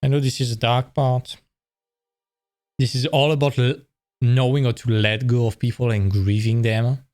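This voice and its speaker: A man's voice: mid-range voice, flat delivery, moderate pace, darkish tone, no room sound, clean studio sound. Blunt, casual male presenter. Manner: candid and blunt, swears, acts out quoted lines in a raised voice. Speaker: presenter giving career advice to art graduates.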